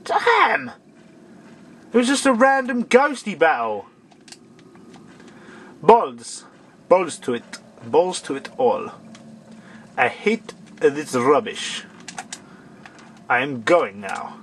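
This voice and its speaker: Grumbling gamer with a lively voice. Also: male voice, a little high, takes it slowly, pauses often, a little hiss or hum. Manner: grumbling, exasperated, talks to the enemies. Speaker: let's play gamer. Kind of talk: gameplay commentary.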